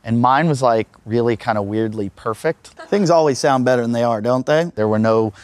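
A man doing a stand-up comedy set, animated and self-mocking, with punchy delivery. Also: medium pitch, fairly quick. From Pittsburgh. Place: comedy club stage.

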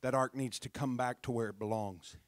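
A man preaching a sermon in a church, talking conversationally and building to loud, shouted praise. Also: mid-range voice, fairly even intonation, a little fast, no room sound.

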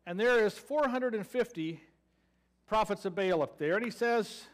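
High-voiced Southern preacher, sarcastic storytelling. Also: male voice, moderate pace. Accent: Southern American. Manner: storytelling with playful sarcasm, acting out quotes. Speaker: pastor. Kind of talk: sermon.

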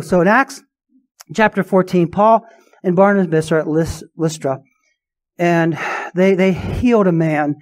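A man with a high voice preaches a sermon as a pastor. He presses his points hard and keeps putting questions to his listeners. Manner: emphatic preaching with rhetorical questions.

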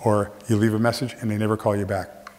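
This fairly low-pitched man speaks fast as he recounts a humorous personal tale from a theater stage. He's animated, acting out the other characters' voices, and the hall gives a long reverb.

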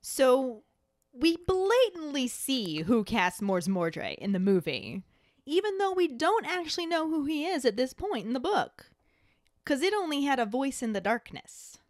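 A woman's voice: high-pitched, sing-song, a little slow, no echo, studio quality. A woman co-hosting a podcast, comparing a book with its film in a playful, punning way. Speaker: podcast co-host.

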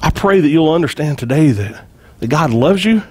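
A man preaching a sermon, retelling a story with lively acted-out quotes and frequent repeated words. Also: fairly high pitch, normal speed, slightly rough. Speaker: pastor.

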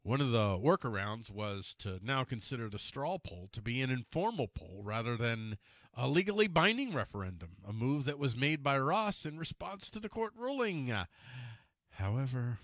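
A man's voice: medium pitch, very animated, normal speed, a bit bright, dry recording, studio quality. A man giving casual, wry political commentary, sarcastic and laughing at his own jabs, stumbling over names and correcting himself.

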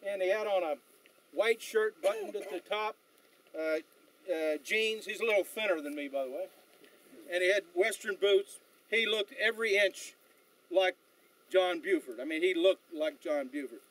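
A man leading a battlefield tour outdoors, telling stories in an animated way with frequent fillers and restarts. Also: high-pitched, poor audio. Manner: animated storyteller, halting with fillers. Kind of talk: outdoor guided tour talk.

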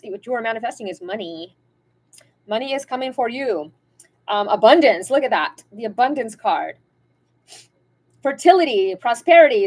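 A woman giving a casual pick-a-card tarot reading, talking in a chatty, rambling, spiritual way straight to her viewers. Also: fairly high pitch.

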